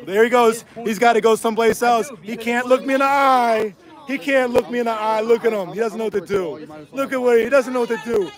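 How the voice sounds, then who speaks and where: A man's voice: extremely high pitch, steady tone, a little fast. A man heckling on a livestream outside a restaurant, taunting in mocking, repetitive jabs. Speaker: protester filming a street confrontation. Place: city street at night outside a restaurant.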